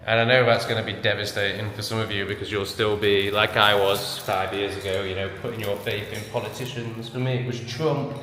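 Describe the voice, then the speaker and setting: An English man talking casually to camera, blunt and rambling, swearing freely, at home in his flat. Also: medium pitch, normal speed, crowd noise. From England. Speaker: vlogger. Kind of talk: casual vlog monologue. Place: flat with a balcony.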